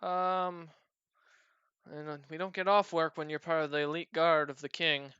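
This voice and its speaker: Guy doing a dense young dwarf knight, polite and kinda oblivious, clean clear voice, muffled dry sound. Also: fairly high pitch, flat delivery, moderate pace, pushed and bright, no echo. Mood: earnest.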